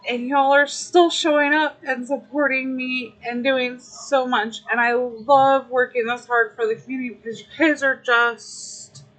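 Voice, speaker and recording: Young woman streamer, emotional and grateful, unhurried casual chat, fairly high voice. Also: steady tone, fairly bright tone, low-quality recording. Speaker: livestreamer.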